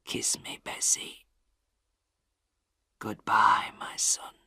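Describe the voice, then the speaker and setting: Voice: lively intonation, slow pace, bright, forceful tone, no echo, clean studio sound, exaggerated voice. A narrator putting on a fierce old miller, then dying. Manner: lowered voice, fading to a weak whisper. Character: hot-tempered older male miller, a father.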